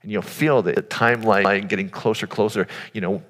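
A man gives an earnest, conversational sermon aimed squarely at his audience. His voice is on the low side and fairly bright, with fairly even intonation and a moderate pace, and long hall reverb colors the recording.

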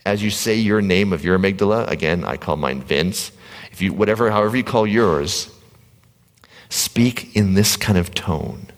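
Deep-voiced man speaking in a reverberant hall. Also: moderate pace. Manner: animated, acts out quoted inner voices, drops to a whisper at times. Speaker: motivational speaker. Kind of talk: motivational talk to a live audience. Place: large gym hall with a live audience. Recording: long reverb of a large hall.

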